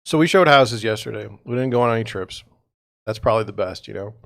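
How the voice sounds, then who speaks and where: Tired and yawning, a man runs a real estate livestream, talking in a rambling, exasperated monologue full of sarcastic side comments. His voice is lowish, quick, and fairly bright with vocal fry, captured in a dry, studio-quality recording.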